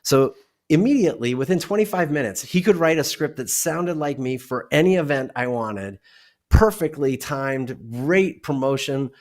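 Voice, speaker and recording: Animated male keynote speaker. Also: on the high side, normal speed. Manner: animated, acts out dialogues. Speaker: guest, keynote speaker and author. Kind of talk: conversational interview.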